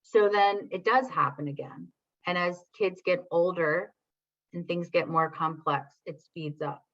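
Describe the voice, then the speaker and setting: This woman speaks on the low side, taking her time, with a fairly bright tone muffled by dull audio. Hosting an online parenting workshop, she reads viewers' chat comments and chats with them, often ending thoughts with "right?"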